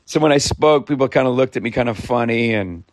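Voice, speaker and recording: A man from Idaho, talkative and animated, telling his story in a casual interview and laughing often. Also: medium pitch, quick pace, a little hiss or hum. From Idaho, United States. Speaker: interviewee, founder. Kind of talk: conversational storytelling.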